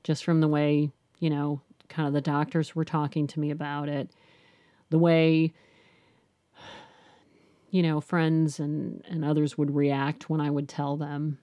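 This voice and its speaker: Low-voiced middle-aged woman, candid and reflective. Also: little pitch movement, measured pace, mellow, dry recording. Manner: candid and reflective, with frequent restarts and "you know". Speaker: guest. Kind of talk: personal storytelling in an interview.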